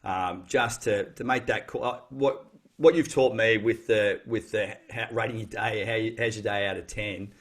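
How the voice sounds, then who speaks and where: Low-voiced reflective man. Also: steady tone, moderate pace. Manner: thoughtful, reflective, many restarts. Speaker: guest. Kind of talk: casual podcast chat.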